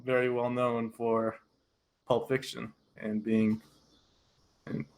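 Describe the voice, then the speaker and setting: A man co-hosting a casual film review podcast, relaxed and sharing trivia. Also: medium pitch, slow pace, poor audio. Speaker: podcast co-host.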